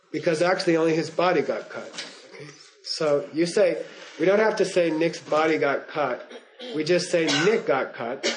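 Older man, class lecturer, rambling and chuckling, a touch high-pitched. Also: slight background noise, rough recording. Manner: digressive storytelling, frequent "okay?" and "you know?" check-ins; chuckles while telling stories. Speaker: teacher. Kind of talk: lecture to students.

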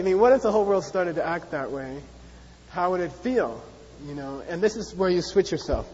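Casual lecture from a high-pitched guy teaching a class, lots of repeats, echoey hall. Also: animated, fairly quick, darkish tone, a little hiss or hum. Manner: chatty, repetitive, acts out voices with playful sarcasm. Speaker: Buddhist teacher. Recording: dull, reverberant hall.

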